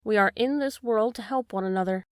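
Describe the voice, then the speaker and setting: A woman voicing a gentle, grateful male dog with a calm manner. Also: fairly high pitch, a little fast, no room sound, studio quality, close to an everyday voice. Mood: kindly.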